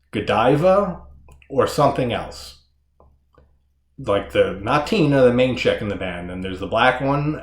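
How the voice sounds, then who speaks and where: A man reviewing a horror movie in casual, rambling talk, swearing often and laughing as he goes. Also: mid-range voice. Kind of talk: casual solo movie discussion. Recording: echoey room.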